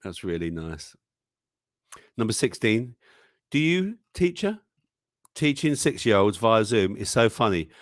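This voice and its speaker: This live-stream news show host speaks in a low-leaning, expressive, unhurried voice. He chats casually, reads memes out loud, laughs frequently, and reacts with exclamations to what's on screen, all in studio-quality audio without room sound.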